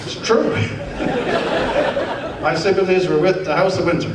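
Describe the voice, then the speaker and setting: It's very noisy, with a loud crowd, as a high-voiced Newfoundland man gives a humorous storytelling keynote at normal speed. He's animated and wry, rising to earnest rhetoric, heard from a distance in a large, echoey conference hall.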